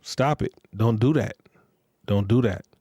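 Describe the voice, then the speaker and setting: A man's voice: on the low side, measured pace, warm tone, husky, no echo, studio quality. A man hosting a podcast, giving relationship advice in a blunt, profane, lecturing monologue and repeating phrases for emphasis. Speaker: podcast host.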